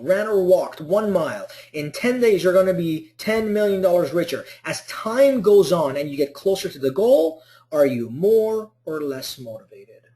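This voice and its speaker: A man's voice: high-pitched, a little mellow. A man teaching an online motivational class, asking rhetorical questions and acting out little scenes. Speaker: motivational instructor.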